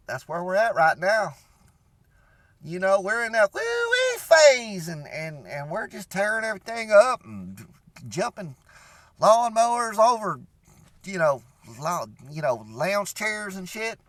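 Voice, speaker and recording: A man's voice: high voice, a bit bright, no room sound, exaggerated voice. A man playing a rambling, beer-drinking redneck, in a comedic character monologue full of "you know".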